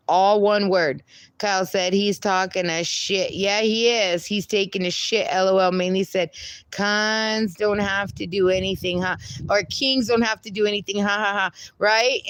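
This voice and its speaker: A woman hosting a casual livestream, reading viewer comments aloud, playful and laughing often. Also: mid-range voice. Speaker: livestream host reading chat.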